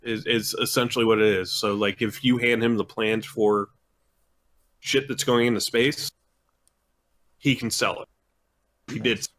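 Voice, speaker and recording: Rambling co-host of a gaming podcast. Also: male voice, fairly low pitch, fairly even intonation, a little slow, long pauses, fairly bright tone. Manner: rambling, hesitant, joking. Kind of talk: casual gaming podcast chat.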